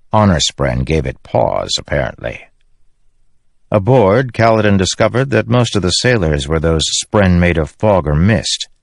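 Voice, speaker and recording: A man narrating a fantasy audiobook in a steady storytelling manner. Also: low-pitched, creaky, dry recording, clean studio sound. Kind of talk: scripted narration.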